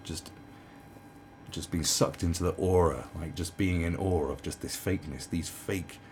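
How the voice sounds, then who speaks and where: At a moderate pace and with a darkish, low-pitched voice, a man in his twenties or thirties rants about politicians from home. He runs a commentary channel and delivers a casual, sarcastic, profane monologue full of mocking impersonations, with slight background noise.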